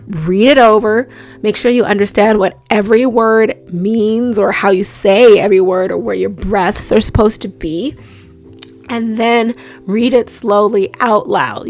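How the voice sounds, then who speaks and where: A woman's voice: mid-range voice, vocal fry. Chatty woman giving voice tips. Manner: chatty and animated, many likes and you-knows. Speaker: voice-over and radio host giving tips. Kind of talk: casual tips vlog.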